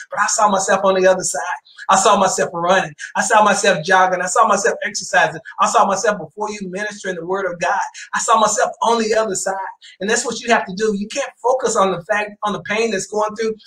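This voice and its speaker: A man's voice: sits high, a bit bright. A middle-aged man, a church elder, preaching a sermon and telling his own testimony, repeating phrases for emphasis. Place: church sanctuary. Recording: roomy church echo.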